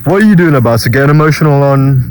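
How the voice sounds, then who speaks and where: A man's voice: medium pitch, lively intonation, very fast, darkish tone, a little hiss or hum, low-quality recording. A young man vlogging about self-improvement, telling a casual story with many restarts and quoted voices.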